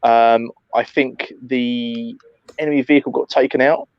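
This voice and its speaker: A man recounting an airsoft game in casual chat, animated, swearing often and calling his friend mate. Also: medium pitch, a little slow, no echo, highs cut off.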